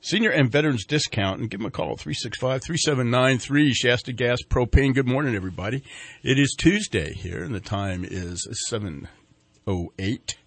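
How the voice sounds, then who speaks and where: A man's voice: medium pitch, lively intonation, normal speed, a bit bright, no room sound. A man hosting a morning radio show, chatting and joking and reading ads and community announcements. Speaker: radio host. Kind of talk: casual morning radio chat. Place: radio studio.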